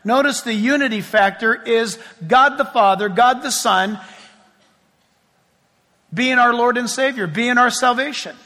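A man preaches to his congregation in a high, clear voice, chatting through asides and acting out little scenes. His bright, forceful tone rings with the long echo of a large church hall. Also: a little slow. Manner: lively, conversational preaching with asides and acted-out scenes. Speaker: pastor. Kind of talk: sermon. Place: church sanctuary before a congregation.

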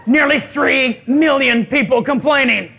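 A male pastor preaching a sermon, telling stories with animated acted-out quotes and chuckles. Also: extremely high pitch, measured pace, gravelly, breathy edge.

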